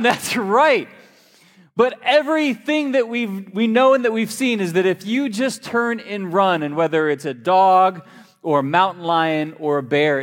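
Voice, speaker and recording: A man preaching a sermon in a church, a lively, joking storyteller. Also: high voice. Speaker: pastor. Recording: long hall reverb.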